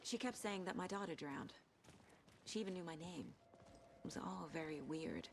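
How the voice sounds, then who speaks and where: An actress as a cool, steady female agent. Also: fairly low pitch, moderate pace, a little hiss or hum, lightly acted. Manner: level and businesslike. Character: calm, focused female FBI agent investigator.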